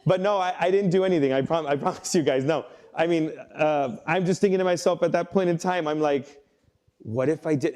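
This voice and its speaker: A man's voice: medium pitch, a little mellow. A young man preaching to a youth group, telling a personal story in a conversational, earnest way, acting out the quoted lines. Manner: conversational, earnest, with many restarts and quoted inner thoughts. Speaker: youth pastor.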